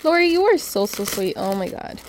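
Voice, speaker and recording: A woman vlogger chatting excitedly as she unboxes gift mail, calling out to her viewers often. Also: medium pitch, fairly quick, slight background noise. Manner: excitable, says "guys" constantly. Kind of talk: casual unboxing chat.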